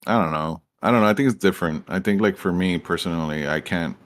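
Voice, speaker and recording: A man's voice: low voice, fast. A man hosting a livestream, chatting bluntly and casually, swearing often and rambling through his points. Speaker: livestream host. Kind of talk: casual profane chat.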